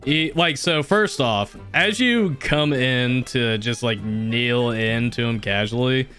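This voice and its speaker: A man's voice: mid-range voice, takes it slowly, soft background music. Easygoing male game master. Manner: relaxed, with frequent fillers. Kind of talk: narrating a tabletop game.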